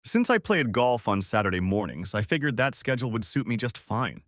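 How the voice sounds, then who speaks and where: Man reading a first-person story, lively up-and-down voice, dry close sound. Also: medium pitch, brisk, no room sound. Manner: expressive storytelling. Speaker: narrator. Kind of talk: first-person audiobook narration.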